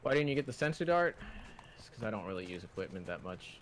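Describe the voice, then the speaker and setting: A man's voice: fairly low pitch, very animated, fast, a bit bright, slight background noise. A man playing as a teammate, practically calling out loot and enemy positions. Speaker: teammate in the match. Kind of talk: casual gameplay chat.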